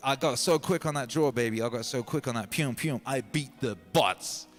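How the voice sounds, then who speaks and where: A man's voice: mid-range voice, moderate pace, soft background music. A man hosting a livestream, telling a long, playful story in a rambling, slangy way. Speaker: livestream host. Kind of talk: casual storytelling monologue.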